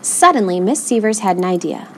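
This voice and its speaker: A woman reading a children's picture book aloud in an expressive, animated way. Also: mid-range voice, brisk, slight background noise, low-quality recording. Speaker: storybook reader.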